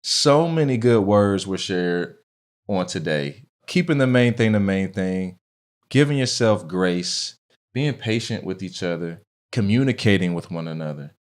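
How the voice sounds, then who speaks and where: A man co-hosting a casual podcast, animated and loose, with casual slang and frequent laughter. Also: sits low, unhurried. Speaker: podcast co-host.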